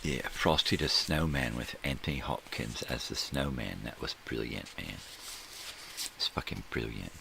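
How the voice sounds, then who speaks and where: A man's voice: rumbling low, a little slow, gravelly, background noise. A middle-aged man hosting a casual solo morning stream. He rambles, jokes and swears, and often trails off while he searches for names. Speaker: host. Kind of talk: casual solo livestream chat.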